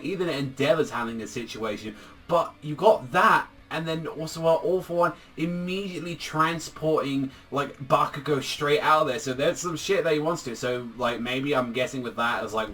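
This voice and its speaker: A man's voice: mid-range voice, moderate pace. Rambling, swearing man recapping manga. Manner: rambling, profane, heavy use of "like", excitable. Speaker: manga reviewer. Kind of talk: casual manga chapter recap.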